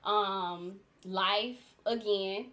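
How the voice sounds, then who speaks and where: A woman in her thirties hosting a podcast, telling a story in casual chat and acting out quotes with a lively voice. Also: medium pitch, very slow. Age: 30s. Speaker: podcast host.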